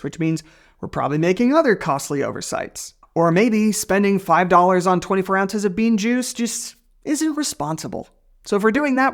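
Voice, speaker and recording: A man hosting a personal finance video, delivering a scripted comedic explainer in a sarcastic, playful way with jokey asides. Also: high voice.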